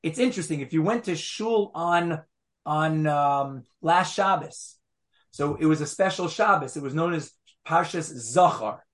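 A man's voice: on the high side, animated, a little slow. A man teaching a Torah class, explaining patiently and repeating phrases as he makes each point.

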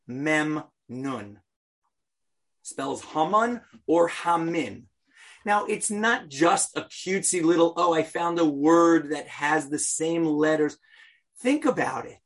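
Husky-voiced man teaching a casual class. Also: high voice. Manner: joking, animated, talks to the class directly. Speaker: Torah teacher. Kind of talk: informal Bible class talk.

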